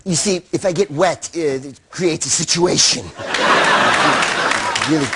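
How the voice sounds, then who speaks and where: A man's voice: fairly high pitch, measured pace, over a noisy crowd, lightly acted. A man voicing a cheeky male gremlin in an improvised comedy scene, with a goofy put-on voice. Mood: rambling. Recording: loud studio audience and noise.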